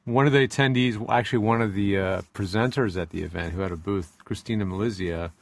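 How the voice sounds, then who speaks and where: A man with a lowish voice chats in an upbeat way as a co-host. The sound is close and dry, with no room echo. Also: fast talker, gravelly. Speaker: podcast co-host. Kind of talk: casual chat.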